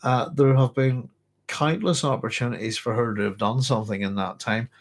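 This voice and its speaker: A man hosting a live book club, chatting through a novel and readers' comments in a thoughtful, rambling way with many pauses and restarts. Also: mid-range voice. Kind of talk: casual live book discussion, reading aloud and chatting.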